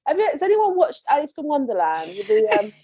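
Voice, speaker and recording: A woman, a paranormal investigator, telling a story in a chatty, animated way on a podcast, quick to laugh. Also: sits high. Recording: dry, slightly muffled podcast audio.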